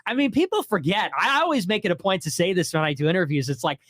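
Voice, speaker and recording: Young man, podcast guest, wry storytelling, fairly high voice, dry sound. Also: big pitch swings, quick pace, a bit bright, dry recording. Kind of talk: casual storytelling in conversation.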